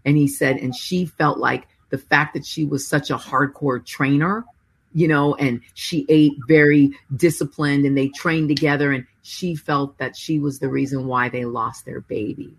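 A woman co-hosting a faith talk show, retelling a story in a lively chatty way and quoting the people in it. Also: rumbling low, normal speed, gravelly, slightly rough. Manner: animated storyteller quoting others. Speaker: co-host. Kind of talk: casual chat, retelling a story.

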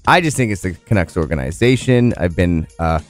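A man's voice: sits low, fairly quick, soft background music. A man co-hosting a morning radio show in casual, chatty banter full of fillers. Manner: chatty, animated, lots of fillers.

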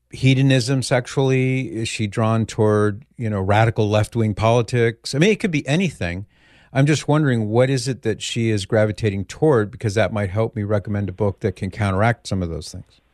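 A male talk radio host with a low voice, speaking into a studio microphone. His sound is dry and close, and he questions callers earnestly and patiently before giving advice. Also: darkish tone, no echo.

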